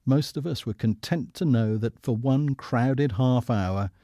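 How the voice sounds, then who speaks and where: A man reading literary prose aloud in a measured, formal way. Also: medium pitch, mellow, no echo, clean studio sound. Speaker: reader.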